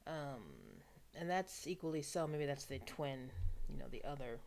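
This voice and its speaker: A low-pitched woman from New York chatting to camera on her own channel. She talks in a loose, wry way, drifting into hushed asides between livelier remarks. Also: normal speed. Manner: chatty, wry, drifts into soft asides and playful put-on voices. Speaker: vlogger. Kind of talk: casual monologue to camera.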